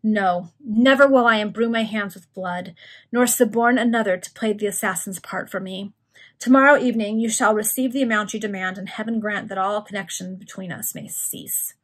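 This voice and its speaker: A woman's voice: mid-range voice, normal speed, natural voice. A woman reading aloud, voicing an anxious, frightened male stockbroker who pleads and protests. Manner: pleading, agitated.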